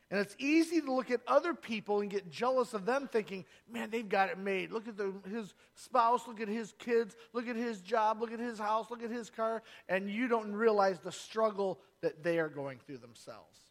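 A man preaching a sermon as pastor in a church, with rising, emphatic bursts as he reads and explains scripture. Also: high-pitched. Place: church sanctuary.

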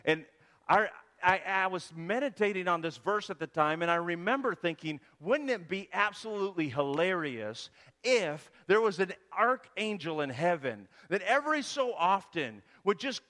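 A man's voice: high voice, normal speed. A man preaching a sermon in a church, telling stories with bursts of emphasis. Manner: animated storytelling with bursts of emphasis. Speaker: guest preacher. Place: church sanctuary. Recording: reverberant church hall.

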